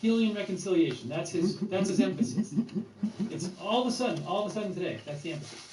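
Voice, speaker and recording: A man's voice: high voice, lively intonation, fast talker, darkish tone. A man giving sarcastic reaction commentary, mocking by repeating short phrases over and over. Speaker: political commentator. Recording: echoey room, distant mic, noisy.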